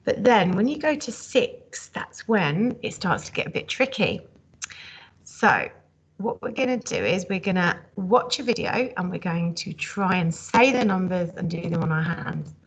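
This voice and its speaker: Husky-voiced woman teacher in class. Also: lowish voice, expressive, a little slow. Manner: friendly, checking in with "okay?". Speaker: primary school teacher. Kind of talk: classroom instruction.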